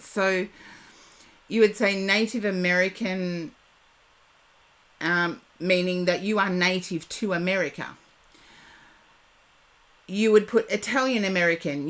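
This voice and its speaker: A woman's voice: medium pitch, a bit bright. An Australian woman in her fifties, a psychic chatting casually with viewers on a live stream, rambling and digressive. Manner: chatty and digressive, drawn-out words.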